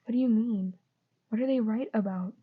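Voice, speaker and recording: A woman reading the lines of a teenage boy wizard, a softening former rival, speaking softly and sometimes near a whisper. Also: fairly high pitch, normal speed, slightly rough. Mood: gentle. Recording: dull lo-fi recording.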